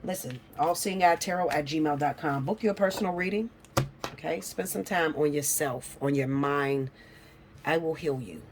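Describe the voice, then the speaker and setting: A woman reading tarot cards to her viewers in a casual, blunt way. She swears freely and teases her audience, dropping to low mutters and then rising to loud, high-pitched bursts. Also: normal speed, noisy background. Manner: blunt, profane and teasing, breaks into laughs; lively, swinging from low mutters to high shouts. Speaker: tarot reader.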